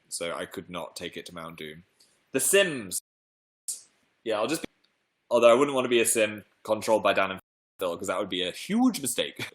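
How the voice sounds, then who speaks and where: A man's voice: sits low, a bit bright. A young man from England hosting a casual live stream, rambling playfully and reading out viewer comments. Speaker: livestream host. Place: home room.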